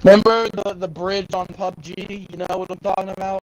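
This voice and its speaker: A man joking loudly and crudely in voice chat while gaming. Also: high voice, little pitch movement, brisk, rough recording. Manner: loud, joking, crude outbursts. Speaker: gamer. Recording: game gunfire noise under voice.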